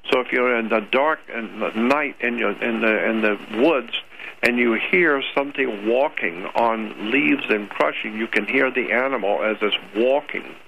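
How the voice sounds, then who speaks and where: A man's voice: medium pitch, vocal fry, a little hiss or hum. An older man, a guest researcher on a radio interview, lecturing at length, spelling words out letter by letter and repeating his points. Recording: dull lo-fi radio audio.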